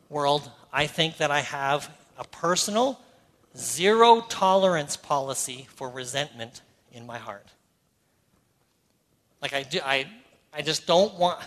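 A man's voice: fairly high pitch, fairly bright tone. A middle-aged Canadian man preaching a sermon, earnest and conversational with playful asides. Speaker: pastor. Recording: hall reverb.

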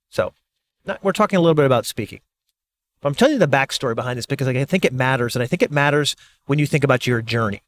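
A middle-aged man, a speaker and author, talking in a casual, animated monologue and acting out quoted reactions. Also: mid-range voice, quick pace.

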